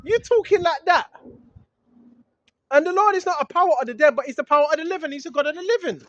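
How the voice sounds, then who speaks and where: Fervent high-voiced street preacher outdoors. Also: quick pace, a bit bright, dry recording, highs cut off. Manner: fervent, blunt and scolding, with slang and asides. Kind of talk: outdoor preaching vlog with scripture reading. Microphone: handheld camera filming.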